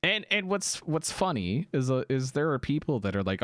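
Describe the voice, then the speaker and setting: A man's voice: medium pitch, sing-song, normal speed, few pauses, a bit bright, no room sound. A young man streaming a game, chatting casually with viewers in a slightly sick voice with a lingering cough, rambling with ums and laughs. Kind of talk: casual livestream chat answering viewers.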